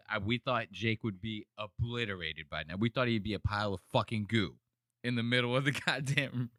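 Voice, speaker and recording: A man talks over fight highlights in loose, profane banter, slipping into mocking voices. His tone is bright and forceful. The studio sound is dry and close. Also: a little fast, no echo. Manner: crude, animated, mocking impressions. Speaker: podcast host. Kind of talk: casual chat reacting to fight clips.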